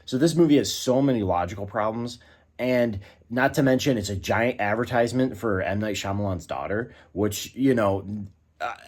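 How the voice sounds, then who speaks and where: A man with a lowish, slightly mellow voice gives a casual spoken film review at a moderate pace. He rants in exasperation, frequently restarting his sentences and leaning on fillers.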